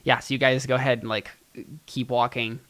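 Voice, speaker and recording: A man's voice: mid-range voice, level tone, a little fast, a bit bright. Rambling male game master, full of "um". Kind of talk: narrating a tabletop game.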